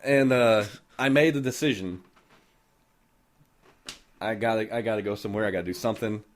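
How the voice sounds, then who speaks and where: A man casually telling a story on a podcast, animated and full of cursing. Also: lowish voice, brisk, slight background noise. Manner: profane, animated, heavy cursing. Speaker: podcast host.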